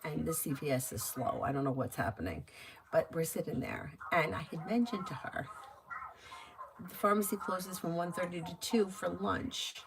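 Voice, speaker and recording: A woman giving casual tarot readings on a live stream, chatty and quick to laugh, with lots of fillers. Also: on the low side, vocal fry, background noise. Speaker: tarot reader.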